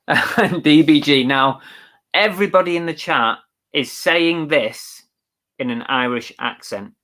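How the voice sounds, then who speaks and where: A man's voice: a little high, slow pace, pushed and bright. A man co-hosting a live reselling show, chatting casually and reading out viewer comments. He talks in an agreeable, thinking-aloud way.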